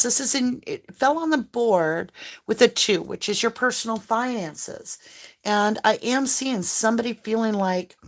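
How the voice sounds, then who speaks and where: A woman giving a casual tarot reading to her viewers, chatty and a little scattered, reassuring them with spiritual talk. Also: medium pitch. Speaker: tarot reader.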